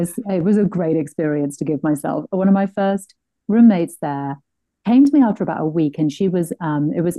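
Middle-aged female interview host, low and mellow, animated storyteller, dry close sound. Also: no echo, poor audio. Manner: animated storyteller who laughs often and acts out quotes. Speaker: podcast host. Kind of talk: conversational interview.

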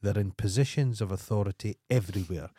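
Guy on a podcast, swears a lot, goes off on rants, lowish voice, dry close mic. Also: dark tone, breathy edge, no echo. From Scotland. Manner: sweary, ranting, quick to interrupt. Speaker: podcast co-host. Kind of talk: casual chat.

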